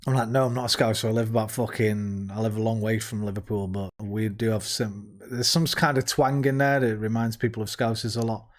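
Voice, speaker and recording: A man's voice: on the low side, steady tone, a little fast, hardly any pauses. A man with a Midlands accent chatting casually as a livestreamer, swearing freely and laughing often. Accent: Midlands English. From English Midlands. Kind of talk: casual commentary.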